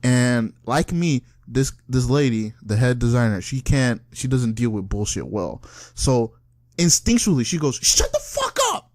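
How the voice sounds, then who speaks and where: A young man co-hosting a podcast, telling a story in casual chat with animated, profane slang and frequent laughter. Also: mid-range voice, measured pace, dry recording, studio quality. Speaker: podcast co-host.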